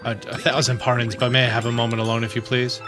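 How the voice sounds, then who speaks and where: A man voicing an old male bomb sailor who talks slowly, softly and formally, with tender, grieving words for a lost love. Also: medium pitch, level tone, over music, voice pushed down, close to an everyday voice. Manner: slow, soft, tender and formal.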